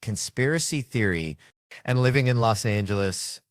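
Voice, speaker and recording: A man's voice: on the low side, animated, normal speed, no room sound, clean studio sound. A man, a touring comedian, chatting casually as an interview guest and telling rambling, joking stories. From United States.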